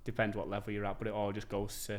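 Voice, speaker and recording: Young scouse guy on a podcast, lowish voice, pretty monotone, just rambling through a story. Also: racing. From England. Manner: laid-back storytelling, swears freely. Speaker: podcast guest, footballer. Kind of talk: casual chat.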